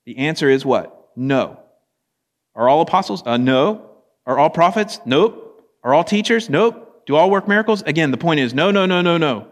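A man preaching a sermon in a conversational, animated way, often speaking in quoted voices. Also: normal speed, big-room sound. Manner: conversational, animated, acts out quotes with rising pitch. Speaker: pastor.

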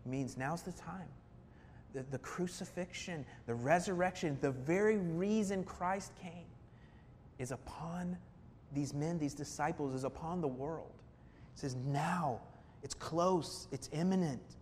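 A man's voice: a little slow, a little mellow. Earnest preaching man in a reverberant hall. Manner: earnest, building emphasis with repetition and rhetorical questions. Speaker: pastor. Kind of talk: sermon. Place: church sanctuary. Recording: reverberant hall with faint rumble.

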